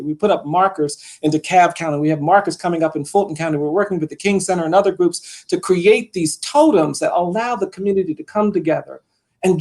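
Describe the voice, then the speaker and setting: A man's husky, gravelly voice, pitched a little high for a man, rises and falls in a rhythmic speaking cadence. He is a middle-aged keynote speaker who repeats phrases to build momentum. When he tells a story, his delivery turns quiet and earnest. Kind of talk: impassioned speech with storytelling.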